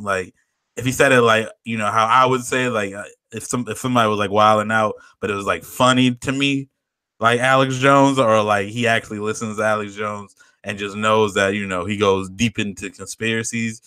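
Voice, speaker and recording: A man chats on a podcast in a bright, forceful voice, telling a rambling story with plenty of swearing and laughter. The recording is dry and close, with no room sound. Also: fairly low pitch, clear, resonant tone, dry recording. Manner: laid-back storyteller, swears a lot, laughs often. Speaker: podcast co-host. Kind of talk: casual chat.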